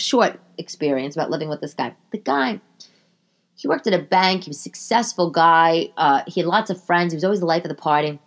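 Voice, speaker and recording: A woman in her thirties hosts a podcast from her living room and talks in a loose, rambling way. Her voice sits a little low, and she keeps doubling back with restarts and asides. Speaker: podcast host. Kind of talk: casual monologue.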